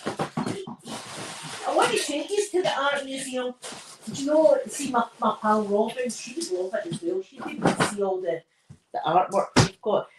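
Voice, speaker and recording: A woman's voice: a little high, measured pace, background noise. Chatty Scottish woman. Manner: chatty storyteller, laughs often. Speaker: live chat host. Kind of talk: casual chat with viewers. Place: home living room.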